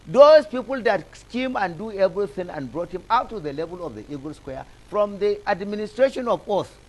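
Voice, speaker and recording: In a television studio, the Nigerian political analyst talks fairly quickly, his high, expressive voice a touch mellow. His impassioned talk-show commentary is rhetorical and full of repeated phrases, and the recording is rough.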